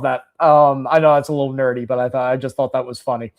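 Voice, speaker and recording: A man hosting a podcast, giving rambling, animated commentary full of restarts and fillers. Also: medium pitch, fast. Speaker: podcast host. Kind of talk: casual commentary.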